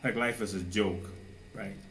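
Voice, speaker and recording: A man preaching a sermon with fervor, firing rhetorical questions and now and then mocking people in a high, put-on voice. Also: fairly even intonation, a little slow, fairly bright tone, rough recording.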